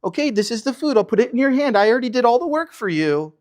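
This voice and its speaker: A man's voice: very high voice, big pitch swings, quick pace, pitched above the performer's own voice. A man playing a cooing, doting mother. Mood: fussing. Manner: soft, cooing baby talk. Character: doting mother coddling her grown son.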